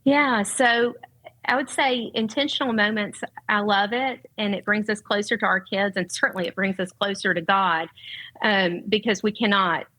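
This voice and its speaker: A woman's voice: medium pitch, fairly even intonation, normal speed, bright, forceful tone, poor audio. A middle-aged woman with a Southern US accent, speaking earnestly and from the heart as a guest on a podcast. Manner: earnest, heartfelt, faith-centered. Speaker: guest, parent and educator. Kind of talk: podcast conversation.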